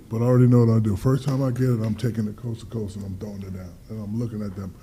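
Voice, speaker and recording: A guest athlete in his 50s tells energetic stories in a casual interview, acting out the dialogue and swearing freely. His lowish voice comes rapid-fire with hardly any pauses, over slight background noise.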